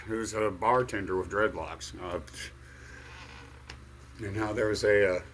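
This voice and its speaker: A middle-aged man telling a rambling personal story in a halting way, full of fillers and restarts. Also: medium pitch, fairly bright tone, breathy edge. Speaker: vlogger.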